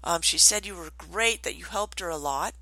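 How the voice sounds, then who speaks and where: A woman's voice: lowish voice, moderate pace, pushed and bright, no echo. A woman voicing an anxious female therapy client in a retold comedy skit. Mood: fretful.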